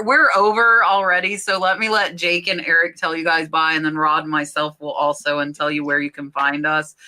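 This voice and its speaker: A woman hosts a casual live podcast chat with a very bright, sharp-edged tone. She talks frankly and loosely, then passes the floor to each guest in turn. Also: low voice. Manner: laid-back, frank, hands the floor to guests. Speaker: podcast host.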